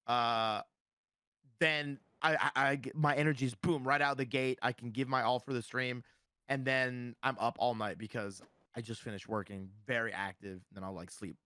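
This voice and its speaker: A man's voice: mid-range voice, steady tone, normal speed, bright, forceful tone, clean tone, no room sound, clean studio sound. A man guest on a podcast, chatting casually with lots of fillers and restarts. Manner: rambling, many fillers and restarts. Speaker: streamer guest.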